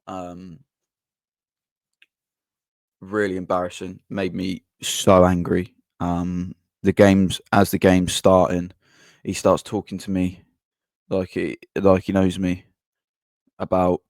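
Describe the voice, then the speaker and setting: Male podcaster, deep voice, blunt and sweary, dry close sound. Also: completely flat delivery, takes it slowly, pauses often, dry recording. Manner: blunt, swears, frequent ums and restarts. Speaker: podcast host. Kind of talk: casual match-reaction monologue.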